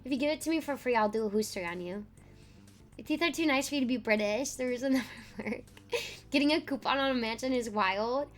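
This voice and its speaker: A woman's voice: on the high side, fast, soft background music. A young woman streamer chatting and joking as she reacts live, with frequent fillers.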